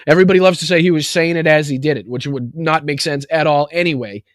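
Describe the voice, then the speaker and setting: High-voiced, foul-mouthed ranting man. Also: quick pace, dry recording, clean studio sound. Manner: angry, heavy swearing, mocking. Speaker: political talk show host. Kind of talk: profane political rant.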